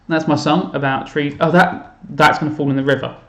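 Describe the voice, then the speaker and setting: A man's voice: on the high side, flat delivery, fairly quick, few pauses, a bit bright, reverberant, muffled recording. A man chatting casually on a live stream while playing a game, self-mocking and thinking aloud to his viewers. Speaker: teacher streaming to students. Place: home room.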